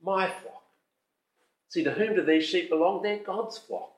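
A man preaching an expository sermon, emphatic, lifting his voice on lists and slowing down when he reads scripture aloud. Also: sits high. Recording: roomy hall sound.

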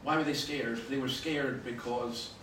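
A Scottish man preaching a sermon, telling stories with sudden loud bursts of emphasis. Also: mid-range voice, steady tone, unhurried. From Scotland. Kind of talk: sermon with anecdotes. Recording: roomy, from far off, faint noise.

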